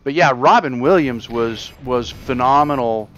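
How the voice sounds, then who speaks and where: A man's voice: mid-range voice, measured pace, fairly bright tone, soft background music. A man chatting in an easygoing way while playing a game, laughing often. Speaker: gamer co-streamer. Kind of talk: casual chat while gaming.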